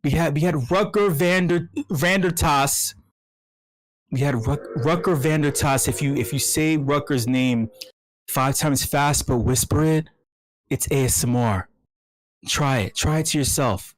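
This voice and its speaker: A man hosting a meetup, ranting comically in a mock ASMR voice. He is profane, stammers and repeats himself, and swings from hushed talk to yelling. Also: fairly high pitch, unhurried, no echo, rough recording. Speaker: meetup host.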